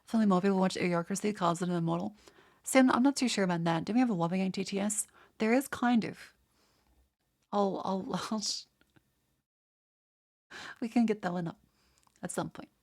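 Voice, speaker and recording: A woman's voice: medium pitch, normal speed, pauses often, darkish tone. A woman with an Australian accent, chatting casually on a livestream and swearing freely. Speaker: streamer.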